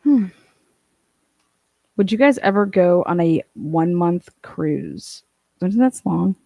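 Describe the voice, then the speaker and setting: A woman's voice: lowish voice, expressive, slow, vocal fry, warm tone, no echo. A woman hosting a casual livestream, chatting and reading out viewer comments, swearing and laughing often. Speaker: livestream host reading chat.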